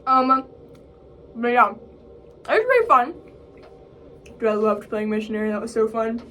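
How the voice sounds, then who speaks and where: Animated and a bit bright at a normal speed, the young woman chats in her college vlog, leaning on "like" and "bro" and performing other people's lines in a raised voice. A little hiss or hum runs under the recording.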